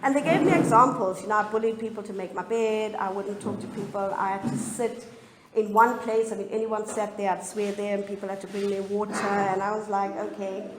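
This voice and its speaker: A middle-aged woman telling her recovery story as a personal testimony, candid and often halting with emotion. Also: mid-range voice, steady tone, crowd noise. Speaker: speaker sharing a recovery story. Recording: echoey room, faint ambience.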